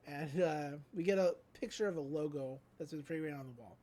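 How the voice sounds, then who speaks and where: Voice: mid-range voice, expressive, moderate pace, hardly any pauses, a little mellow, a little hiss or hum. A podcast host giving a casual, rambling recap of a cartoon episode, with lots of likes and ums.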